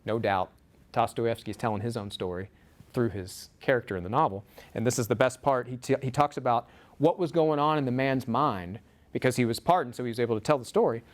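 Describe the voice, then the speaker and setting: A man preaching a sermon, telling a story with frequent restarts and repeated words, his pitch rising on emphasized words. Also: a little fast.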